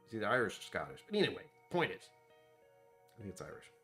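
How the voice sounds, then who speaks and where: A man's voice: on the low side, sing-song, fast talker, music in the background. A man hosting a casual whiskey tasting vlog, rambling and self-deprecating as he thinks aloud about what he smells and tastes. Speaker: whiskey reviewer.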